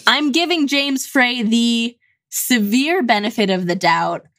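A woman co-hosting a casual chat podcast, wry and measured as she picks apart the text. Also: fairly high pitch, fairly bright tone, dry recording, studio quality. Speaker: podcast co-host.

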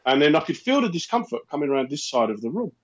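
Talking very fast in a fairly high voice, a man who works as a comedian and host spins a funny story in relaxed conversation. He's animated and performs the quoted voices himself. The podcast sound is muffled and a little lo-fi.

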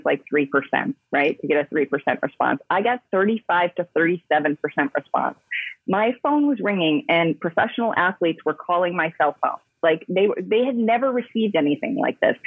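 A woman guest tells her story with emphatic, chatty energy, full of fillers and quick restarts. Her voice is husky and a little breathy. It comes through a narrow, phone-like line, dry and close with no room sound. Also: medium pitch, dry recording. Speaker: interview guest, yoga coach for pro athletes. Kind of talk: casual interview storytelling.

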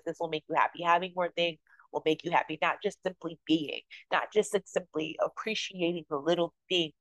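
A woman's voice: on the low side, no room sound, low-quality recording. A woman hosting a podcast, talking earnestly and a bit rambling about her spiritual life. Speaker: podcast host. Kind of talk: casual spiritual talk.

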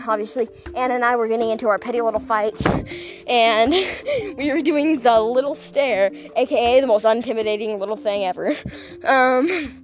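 High-voiced chatty young woman vlogging. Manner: chatty and gossipy, constant "like" fillers, laughing asides. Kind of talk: casual storytime vlog. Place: outdoors, walking.

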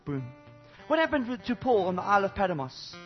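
Lively high-voiced preacher man. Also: a little fast, dull audio, soft background music. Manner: animated, swings between loud exclamations and low intimate asides; asks the congregation frequent rhetorical questions. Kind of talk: sermon. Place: church service before a congregation.

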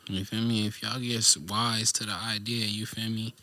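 A man co-hosting a podcast in casual chat, boastful and animated, with heavy slang. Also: fairly low pitch, moderate pace, no room sound. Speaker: podcast co-host.

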